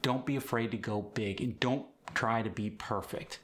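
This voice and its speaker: Bright, explanatory male accent coach. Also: lowish voice, moderate pace. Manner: clear, explanatory. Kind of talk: instructional tutorial.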